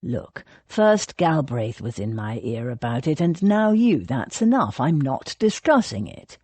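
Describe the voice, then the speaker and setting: A woman's voice: very animated, measured pace, dark tone, husky, no room sound, exaggerated voice. A woman reading an audiobook voices a guarded young naval officer who answers in short, clipped lines. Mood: curt. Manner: curt, clipped, low.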